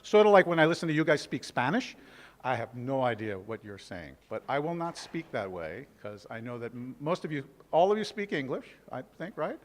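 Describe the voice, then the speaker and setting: Middle-aged american guy giving a conference talk, laid-back and jokey, lots of uhs, normal pitch, big echoey hall. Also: sing-song, brisk, a little hiss or hum. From New York City. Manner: casual, joking, with frequent fillers. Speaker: conference speaker, instructor.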